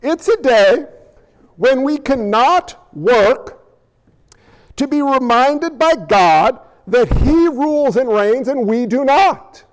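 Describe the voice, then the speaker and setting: A pastor preaching a sermon in a conversational style, firing off rhetorical questions and pausing for effect. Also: male voice, very high-pitched, expressive. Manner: conversational, asks rhetorical questions, dramatic pauses. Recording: long reverb in a large hall.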